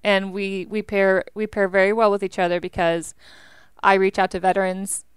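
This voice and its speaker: A young American woman talks as an interview guest, chatty and animated, dropping plenty of "like". Her voice is very clear and smooth. It sits close and dry. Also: mid-range voice, normal speed, dry recording. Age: young adult. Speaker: veteran guest. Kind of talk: interview conversation.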